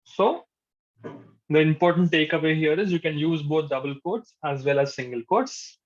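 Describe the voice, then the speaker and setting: A man's voice: fairly high pitch, moderate pace. A male programming instructor, giving a live coding lecture to a class. He repeats his points patiently and says "okay" often. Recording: dull lo-fi sound.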